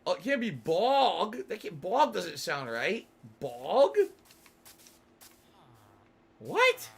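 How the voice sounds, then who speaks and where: A man's voice: sits high, wildly swooping pitch, extremely slow, gravelly, husky. A man casually chatting on a gaming livestream, rambling and musing aloud with some swearing, yawny tonight. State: yawny, sleepy. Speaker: streamer.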